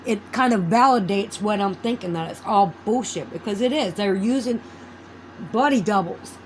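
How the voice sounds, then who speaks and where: A woman's voice: medium pitch, normal speed, a little hiss or hum, poor audio. A woman vlogging in a casual, rambling chat. She swears freely and loses her train of thought.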